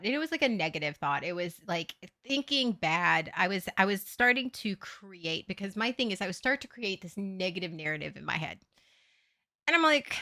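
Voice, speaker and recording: During a casual livestream chat, a woman streamer speaks candidly to her viewers, cursing freely and growing animated as she recounts her story. Her voice sits a little high and moves at a normal speed.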